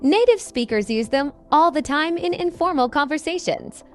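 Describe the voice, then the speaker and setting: A woman's voice: high voice, animated, normal speed, faint music behind. A woman co-hosting a scripted English lesson podcast, upbeat and explaining phrases with examples. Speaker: co-host and English teacher.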